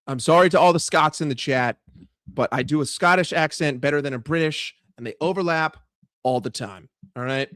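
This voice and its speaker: A young man ranting casually about football in a vlog, swearing freely and talking in a chatty, animated way. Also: fairly high pitch, normal speed, no echo, studio quality. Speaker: football vlogger.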